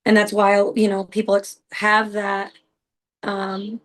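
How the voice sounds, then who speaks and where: A woman's voice: medium pitch, completely flat delivery, takes it slowly, rough recording. Earnest rambling woman podcast host. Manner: earnest, rambling, heavy use of "like" and "you know". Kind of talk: casual personal storytelling.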